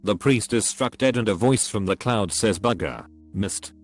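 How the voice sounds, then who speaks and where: A man's voice: lowish voice, moderate pace, soft background music. A man narrating a compilation of jokes in a scripted read, going from one joke to the next in the same voice.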